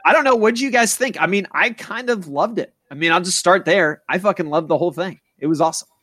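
A man's voice: sits high, fast talker, sharp tone, no echo. A man hosting a podcast in casual, profane, rambling chat. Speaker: podcast host.

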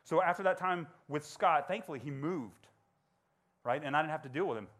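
Male speaker, 40s, school talk, animated and conversational, acts out voices. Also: fairly high pitch, fairly quick. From Georgia. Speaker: motivational speaker. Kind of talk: storytelling talk to students.

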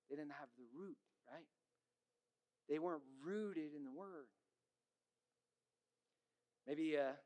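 A man's voice: a little high, a little mellow. A man preaching a sermon, telling stories with sound effects and acted voices and often checking in with the audience by asking "right?". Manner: frequent "right?" asides to the audience. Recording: long hall reverb.

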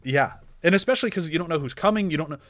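A man, chatting casually about a TV series as podcast co-host, relaxed and agreeable and laughing often. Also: fairly high pitch, racing, no echo.

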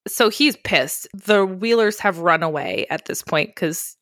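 A woman's voice: mid-range voice, lively intonation, a little slow, a bit bright, no echo, clean studio sound. A woman casually recapping a film on a podcast, telling it with energy, swearing freely and acting out the characters in funny voices. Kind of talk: casual chat.

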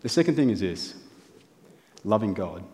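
A man's voice: fairly low pitch, very animated, moderate pace, dark tone. A man preaching a sermon in a church hall, earnest and building his points through lists and rhetorical questions. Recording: long reverb of a large hall.

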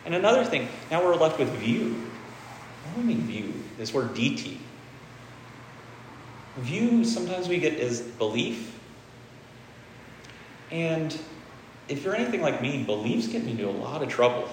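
A man's voice: fairly high pitch, very animated, a little slow, long pauses, a little hiss or hum. A man giving a casual, candid dharma talk, swearing freely and repeating phrases for emphasis. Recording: echoey hall with faint ambience.

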